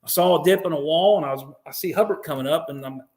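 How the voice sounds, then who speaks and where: American male guest, slightly high voice, animated, swears freely, acts out what others said. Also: fast talker. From United States. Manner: profane, animated, acts out quotes. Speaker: podcast guest, veteran. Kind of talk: interview storytelling.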